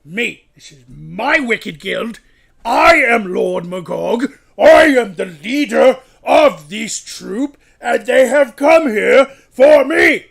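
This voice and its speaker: A man voicing a vain, foul-mouthed undead lord who hosts a comedy stream, with a raspy, gravelly voice and a boastful, swearing manner. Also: sits high, lively intonation, normal speed, fairly bright tone, exaggerated voice. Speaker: host.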